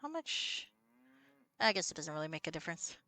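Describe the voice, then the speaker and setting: Chatty, lively woman streaming a game. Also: low voice, fairly quick. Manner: chatty, swears casually, laughs at herself. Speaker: streamer playing and reading game dialogue. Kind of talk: casual let's-play chat with read-aloud dialogue.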